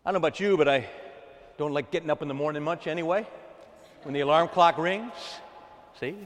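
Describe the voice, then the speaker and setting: A man's voice: on the high side, brisk, big-room sound. A man preaching a sermon to his congregation, emphatic with call-and-response.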